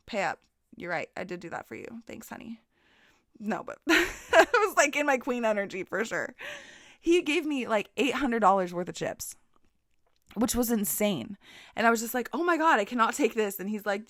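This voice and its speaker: A young woman casually telling a personal story, animated and laughing often, acting out the people she quotes. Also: mid-range voice, no room sound, studio quality. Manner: animated, laughing, swearing, acts out quoted voices.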